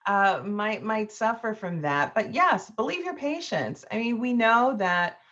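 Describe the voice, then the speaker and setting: A woman's voice: a little high, animated, measured pace, a bit bright, dull audio. A woman law professor giving an impassioned lecture, telling a story with rising emphasis.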